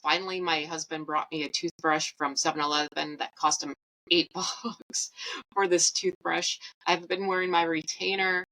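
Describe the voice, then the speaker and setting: A woman's voice: lowish voice, flat delivery, moderate pace, pushed and bright, rough recording. A woman hosting a podcast, telling a personal story in a chatty, rambling, candid way. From Canada. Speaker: podcast host.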